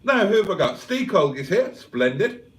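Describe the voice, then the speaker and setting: A man's voice: high voice, big pitch swings, normal speed, far from the mic. A man from England hosting a casual livestream, reading the chat aloud with cheeky banter. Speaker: livestream host.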